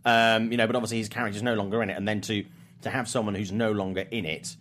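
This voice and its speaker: A man's voice: on the low side, level tone, fast, fairly bright tone, a little hiss or hum. A man hosting a casual podcast chat, reading out viewer comments and rambling with self-corrections and jokes.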